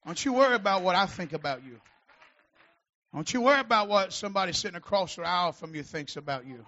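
Pastor guy preaching loud, real high voice, gravelly, kinda muffled lo-fi sound. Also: lively intonation, fast. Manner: shouting, preaching with rising fervor. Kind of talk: sermon.

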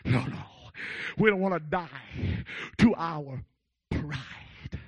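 A male preacher giving a fervent holiness sermon, shouting and calling out to the congregation. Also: a little high, animated, drawn-out words, breathy edge, dry recording. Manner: exclaims, shouts and calls out to the congregation.

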